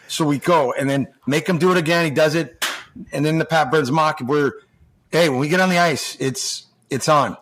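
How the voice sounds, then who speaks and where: A man's voice: fairly high pitch, normal speed, fairly bright tone, a little hiss or hum. A man in his forties, a former pro hockey player now coaching juniors, telling stories as a podcast guest in a loose, rambling, profane way and acting out quoted dialogue. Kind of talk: casual storytelling chat.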